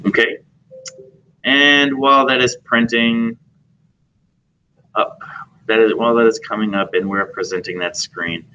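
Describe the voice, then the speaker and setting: A man's voice: medium pitch, steady tone, unhurried, long pauses, bright, forceful tone, slight background noise. Joking man teaching a computer class. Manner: joking and chatty, asks the class questions. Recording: dull lo-fi classroom recording.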